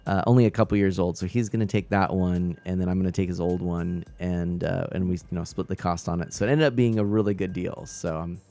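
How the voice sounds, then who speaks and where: A man's voice: sits low, steady tone, fast talker, few pauses, dark tone, faint music behind. A man hosting a live stream, telling a rambling, easygoing story in casual chat.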